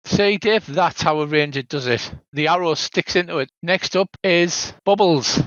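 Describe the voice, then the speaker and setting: An older man leads a tabletop game as its game master, speaking at normal speed in a highish, fairly bright voice. He narrates the scenes at length, occasionally tacking on "so there is," over a dull, dry, lo-fi recording.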